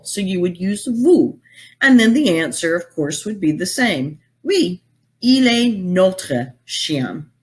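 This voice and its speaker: A woman's voice: medium pitch, breathy edge. A woman teacher with a Southern US accent, narrating a recorded lesson and carefully spelling out example phrases. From Southern United States.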